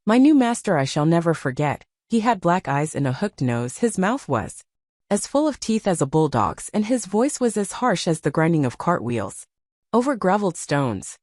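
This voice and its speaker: A woman reads an audiobook in a measured storytelling manner. Her voice is slightly low and moves a lot in pitch. The sound is dry and close. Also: sing-song, a little mellow, no room sound. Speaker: audiobook narrator. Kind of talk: scripted narration.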